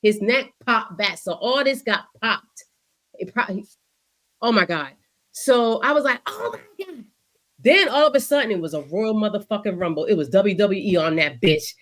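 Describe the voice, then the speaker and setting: A woman co-hosting a sports podcast in casual chat, animated and profane, acting out what players said. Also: mid-range voice, moderate pace. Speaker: podcast co-host.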